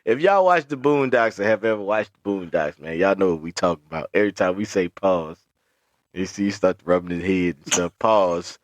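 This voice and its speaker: A young adult man co-hosting a podcast in casual chat, telling stories, often laughing and jumping up high to quote other people. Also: a little fast, no echo, muffled recording. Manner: animated storyteller, acts out high-pitched quotes, laughs often. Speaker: podcast co-host.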